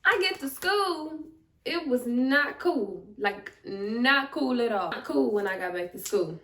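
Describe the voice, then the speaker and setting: A young woman telling a storytime vlog in an animated, chatty, slangy way. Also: fairly high pitch, measured pace. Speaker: vlogger. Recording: roomy, distant mic.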